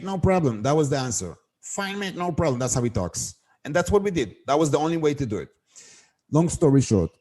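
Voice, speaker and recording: A middle-aged man speaks in a warm, darker voice at an ordinary pitch. He is a guest on an interview show, telling a story about wholesale compliance and acting out every exchange in it, then moving into plain advice. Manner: animated storyteller acting out quoted dialogue.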